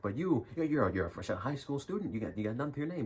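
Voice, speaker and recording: A man's voice: mid-range voice, very animated, rapid-fire, a little mellow, breathy edge. A young man casually narrating a hypothetical scenario for his channel in a playful, jokey way. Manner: playful, jokey, laughs between lines. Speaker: YouTuber.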